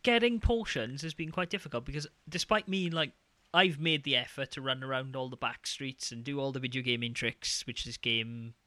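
A man chatting casually about video games as a podcast co-host, rambling with lots of fillers and getting animated when excited. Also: mid-range voice, moderate pace, few pauses, no room sound. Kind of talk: casual gaming chat.

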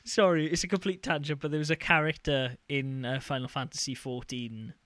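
A man's voice: fairly high pitch, steady tone, fairly bright tone, no room sound. A man, co-hosting a casual chat about video games, joking and bantering. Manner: jokey, quick to banter. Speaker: podcast co-host.

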